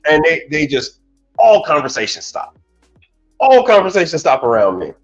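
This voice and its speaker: A man's voice: a little high, normal speed. A man working as a commercial appliance technician, chatting casually on a livestream, telling stories animatedly and repeating words as he goes. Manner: animated storyteller, repeats words, laughs often. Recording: slightly dull audio, faint music.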